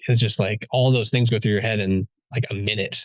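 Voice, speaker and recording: A police officer guest telling a story in a casual podcast chat, rambling with many fillers and a wry sense of humor. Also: male voice, lowish voice, steady tone, a little fast, no echo, muffled recording.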